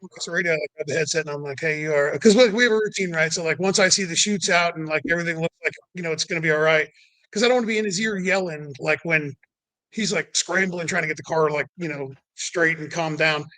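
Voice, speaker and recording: High bright-voiced man telling stories. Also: fast talker, no echo, rough recording. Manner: rambling, heavy on "like" and "you know". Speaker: podcast guest. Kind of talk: casual storytelling chat.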